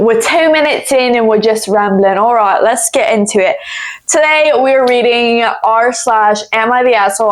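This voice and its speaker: Chatty woman vlogger with a higher voice, reads posts aloud and rambles in blunt asides. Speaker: YouTuber reading online posts. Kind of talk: casual chat and reading with commentary. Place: home office.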